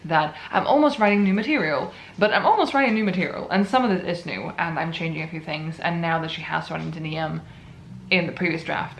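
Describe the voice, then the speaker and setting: A woman's voice: sits low, vocal fry, roomy sound, dull audio, a little hiss or hum. A young woman vlogging about her writing in a rambling, self-amused, chatty way. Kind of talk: casual chat.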